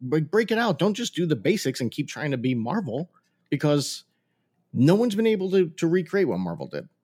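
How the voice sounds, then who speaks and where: A man's voice: fairly high pitch, sing-song, darkish tone, slightly rough. A middle-aged man co-hosting a podcast, chatting and laughing through his stories. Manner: chatty, quick asides, laughs while telling stories. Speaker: podcast co-host. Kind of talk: casual chat.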